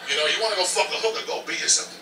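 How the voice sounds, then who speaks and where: A man's voice: sits high, very fast, bright, forceful tone, a little hiss or hum. A man, a comedian telling a profane story with bursts of laughter. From New Jersey. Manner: boisterous, swears constantly, laughs while telling. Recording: roomy clip played back from a distance with music.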